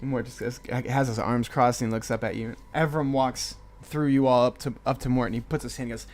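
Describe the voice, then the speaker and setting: A man narrating a tabletop game as game master, relaxed with frequent fillers. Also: mid-range voice, fairly quick.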